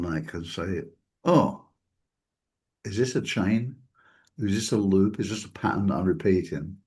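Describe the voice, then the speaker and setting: Man, low voice, casual reflective talk show host, loose delivery, chuckles, acts out quotes. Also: gravelly, a little mellow. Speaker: podcast host.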